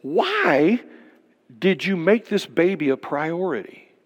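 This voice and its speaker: An older man preaching a sermon, firing off rhetorical questions and dropping to a hush on key words. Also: fairly high pitch, big pitch swings, slow, big-room sound. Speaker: pastor.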